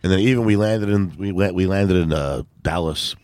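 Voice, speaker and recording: A man's voice: deep voice, normal speed, a little mellow, no echo. A male comedian telling stories on a podcast in a profane, ranting way, acting out both sides of each exchange. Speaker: comedian guest. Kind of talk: casual podcast storytelling.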